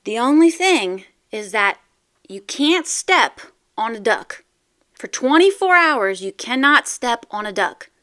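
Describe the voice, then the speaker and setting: A woman's voice: on the high side, very animated, slow, a bit bright, full character voice. A woman voicing a male God at heaven's gates who proclaims the rules in a storytelling joke. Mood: proclaiming.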